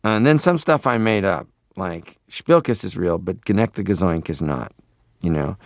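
A man's voice: low-pitched, animated, moderate pace, no room sound, clean studio sound. A man in his forties from Canada, a radio interview guest who talks in a playful, rambling way and keeps slipping into voices. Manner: playful, rambling, drops into voices and foreign phrases.

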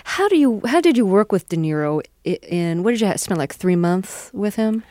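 A woman's voice: medium pitch, lively intonation, normal speed, mellow, dry recording. A woman interviewer asking inquisitive questions.

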